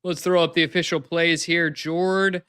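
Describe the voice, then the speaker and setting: A man's voice: a little high, level tone, normal speed, bright, forceful tone, clean tone, dry recording, clean studio sound. A man co-hosting a sports betting podcast, upbeat and playful, reading out picks. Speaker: co-host of a soccer betting podcast. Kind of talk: casual sports betting chat.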